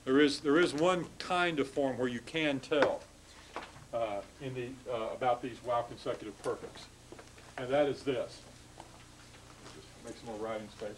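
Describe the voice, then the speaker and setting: A man's voice: mid-range voice, normal speed, noisy background. A man teaching a classroom lecture on Hebrew grammar, explaining step by step, with frequent restarts and checks of "okay?".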